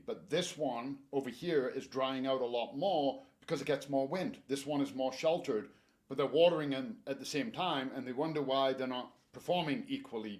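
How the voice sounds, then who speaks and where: Garden store staffer, man, casual and jokey presenter. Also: medium pitch. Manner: chatty, joking, animated advice.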